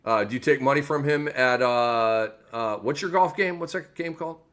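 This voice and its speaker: A man hosting a fantasy basketball podcast, energetic and joking, with many fillers and restarts. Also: medium pitch, moderate pace. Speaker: podcast host. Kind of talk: casual sports podcast chat.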